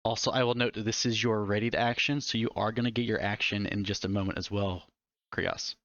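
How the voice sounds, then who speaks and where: A man running a tabletop game as dungeon master, calmly explaining rules and narrating enemy moves. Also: on the low side, brisk, no echo. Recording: dry, slightly dull mic.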